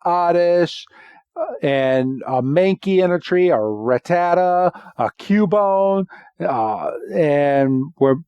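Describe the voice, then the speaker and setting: Slow, animated man recapping a cartoon. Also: fairly high pitch, clear, resonant tone, dry recording, muffled recording. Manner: animated storytelling, full of voiced quotes. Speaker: podcast co-host. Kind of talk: casual episode recap.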